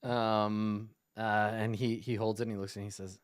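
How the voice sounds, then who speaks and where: A man's voice: fairly low pitch, level tone, normal speed, no echo, clean studio sound. A man narrating as game master, hesitant and full of fillers, laughing often.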